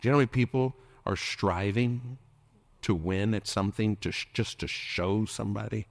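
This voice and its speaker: In a sermon, a pastor with a fairly low voice and vocal fry speaks at normal speed, recorded without room sound. He preaches, fires question after question at the congregation, and jokes by slipping into playful impressions.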